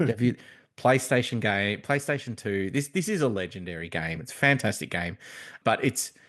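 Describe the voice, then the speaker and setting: A man's voice: on the low side, lively intonation, moderate pace, a bit bright. A man co-hosting a podcast, talking in casual chat with many restarts and fillers. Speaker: podcast co-host.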